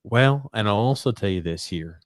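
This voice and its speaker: A man's voice: fairly low pitch, animated, normal speed, no room sound. Blunt, opinionated male podcast host. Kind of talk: call-in sports talk.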